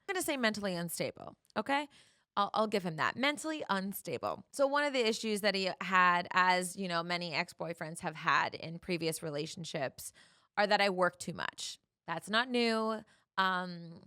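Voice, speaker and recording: A young woman hosting a solo podcast, telling a personal dating story in a chatty, animated way and acting out the dialogue. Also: mid-range voice, no room sound, studio quality. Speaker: podcast host.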